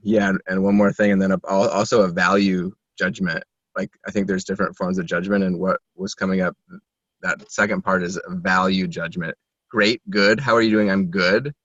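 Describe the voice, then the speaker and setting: A man with a low voice speaks reflectively in a coaching session, pausing and searching for words. The recording is dry and dull, with a lo-fi edge. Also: little pitch movement, dry recording. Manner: introspective, searching for words, soft laughs. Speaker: coaching client. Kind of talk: reflective conversation.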